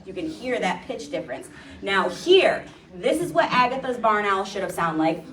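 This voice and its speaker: A woman's voice: medium pitch, very animated, normal speed, a bit bright. A woman nature educator giving a chatty, playful talk about birds to a live audience, now and then imitating their calls. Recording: echoey room, distant mic.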